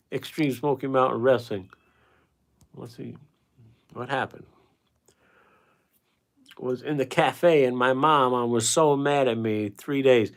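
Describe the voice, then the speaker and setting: Man, middle-pitched voice, rambling, chummy livestream host chatting with viewers. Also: fairly even intonation, slow, creaky, long pauses. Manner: rambling, reads viewer comments aloud and answers them. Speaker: painting livestreamer. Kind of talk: casual livestream chat.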